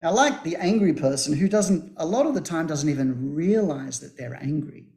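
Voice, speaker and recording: A man's voice: a little high, expressive, moderate pace, dark tone. A man, a guest author, animatedly retelling a children's story on a talk show.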